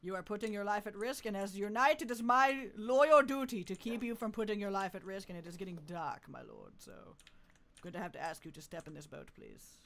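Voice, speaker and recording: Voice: mid-range voice, brisk, fairly bright tone, a little hiss or hum. A streamer giving live gameplay commentary, playfully talking with mock deference and often laughing.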